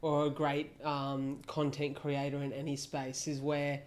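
A man's voice: fairly high pitch, monotone, measured pace. A man hosting a podcast, chatting casually and enthusiastically with his guest, with the odd swear word. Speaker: podcast host. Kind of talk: casual interview chat.

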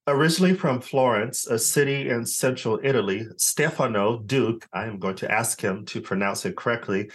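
A man hosts a podcast interview, his voice sitting a little low. He opens with a read welcome, then moves into an easy, questioning tone. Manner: scripted intro then relaxed, laughing questions. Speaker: podcast host.

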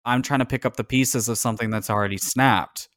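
A man's voice: mid-range voice, fairly even intonation, a little fast, fairly bright tone, no echo, clean studio sound. A man from Canada in casual conversation as a podcast co-host, talking earnestly and reflectively about personal experience.

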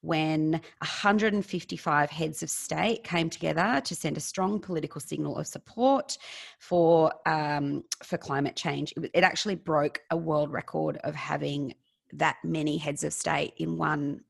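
Gravelly low woman chatting. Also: fairly even intonation, a little slow. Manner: chatty, swears freely. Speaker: podcast co-host. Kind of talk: casual chat.

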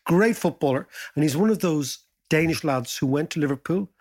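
A man's voice: on the high side, moderate pace. A man hosting a podcast, chatting casually and animatedly with a co-host, joking and telling stories. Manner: lively, jokey, animated storytelling.

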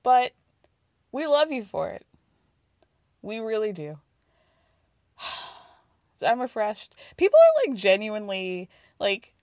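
A woman hosting a podcast, recapping reality TV in an animated, gossipy way, swearing freely and laughing often. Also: medium pitch, takes it slowly, long pauses, no echo, studio quality. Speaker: podcast host.

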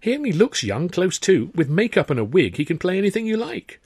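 A man's voice: high-pitched, very animated, a little fast, darkish tone, slightly rough, studio quality, pitched above the performer's own voice, full character voice. A man voicing an anxious, eager young male music-hall performer who stammers and pleads with his boss.

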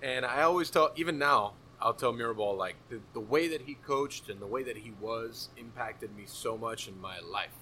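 A man's voice: medium pitch, normal speed, few pauses, pushed and bright, a little hiss or hum. A man hosting a casual chat, reflective and laughing easily, with casual swearing.

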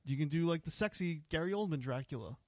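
A man's voice: a little high, animated, fast, darkish tone, dry recording, clean studio sound. Man reading out quiz questions. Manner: explains rules, reads quiz questions. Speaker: podcast co-host running the game. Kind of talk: casual chat.

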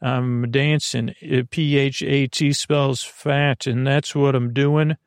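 Cocky rhyming dancer monk, played by a man; slow, gravelly delivery, dry. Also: mid-range voice, steady tone, dry recording. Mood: showing off. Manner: boastful, sing-song rhyming. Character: show-off young male break-dancing monk.

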